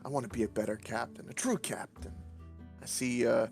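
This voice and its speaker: A man's voice: medium pitch, brisk, gravelly, a little mellow, faint music behind. A man playing in a tabletop game, rambling as he describes his character's actions and laughing often. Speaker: player.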